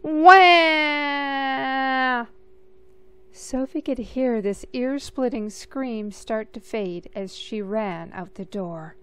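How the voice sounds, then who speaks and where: A woman reading a picture book aloud in a gentle, measured storytelling manner. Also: mid-range voice, steady tone. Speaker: storybook reader.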